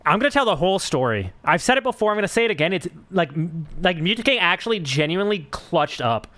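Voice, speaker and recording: A man's voice: high voice, big pitch swings, quick pace, bright, forceful tone. A young man chatting casually on a live stream, telling a rambling story full of fillers and swearing.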